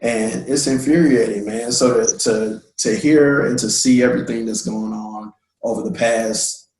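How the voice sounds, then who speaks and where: A man's voice: mid-range voice, steady tone, unhurried, darkish tone, roomy sound, low-quality recording. A man telling a personal story in a casual discussion, acting out the voices he quotes. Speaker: guest.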